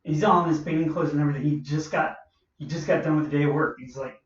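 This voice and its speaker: A man's voice: fairly high pitch, fast talker, slight background noise. A man in his forties telling a personal story in a repetitive, emotional way. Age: 40s. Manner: repetitive, emotional, repeats phrases. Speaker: vlogger. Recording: roomy, distant, muffled recording.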